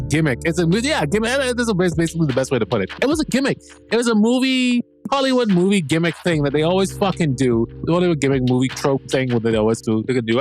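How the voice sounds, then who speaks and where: A man hosting a podcast, recapping a TV episode in a casual, rambling way and swearing freely. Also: mid-range voice. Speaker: podcast host.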